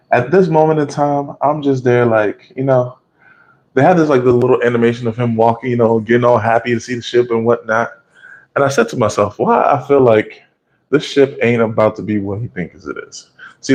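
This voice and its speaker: A man giving a casual, profane, animated recap of an anime episode, often laughing and acting out the scenes. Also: on the low side, low-quality recording.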